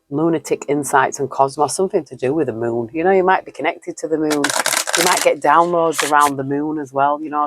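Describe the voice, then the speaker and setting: A woman giving a casual spoken tarot reading, chatty and musing, with frequent fillers and easy laughs. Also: extremely low pitch. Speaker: tarot reader.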